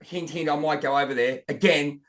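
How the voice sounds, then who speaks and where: A man hosting a casual spiritual podcast over a video call, excitable and calling everyone mate. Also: a little high, brisk. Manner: excitable, keeps saying "mate". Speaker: podcast host.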